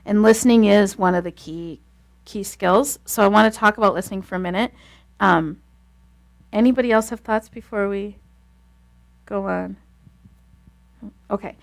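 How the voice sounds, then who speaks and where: A woman leading a class on marriage communication, talking fast and telling stories in a lively, casual way. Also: mid-range voice, creaky. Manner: fast-talking, animated storytelling.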